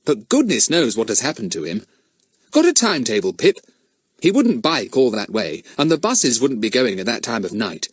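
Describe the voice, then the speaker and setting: A man voicing a clever, self-assured boy who leads a group of young sleuths, talking brisk and sure. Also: medium pitch, huge pitch swings, breathy edge, no echo. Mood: confident.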